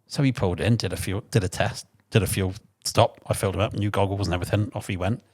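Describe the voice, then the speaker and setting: An English man telling lively, swear-filled anecdotes from his mechanic days in a casual podcast chat. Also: sits low, fast. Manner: animated anecdotes, swears freely, acts out shouted quotes.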